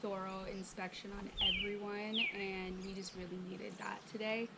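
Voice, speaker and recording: A woman chatting casually outdoors beside beehives, playful and quick to laugh. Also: mid-range voice, flat delivery, gravelly, heavy background noise. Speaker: co-host, vlogger's wife.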